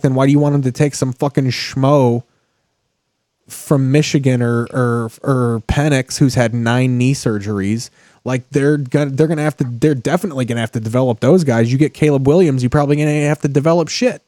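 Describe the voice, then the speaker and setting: A man's voice: medium pitch, fairly even intonation, brisk, warm tone, no room sound. Host, male, profane ranting delivery, dry close mic. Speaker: podcast host. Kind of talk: casual chat while watching TV.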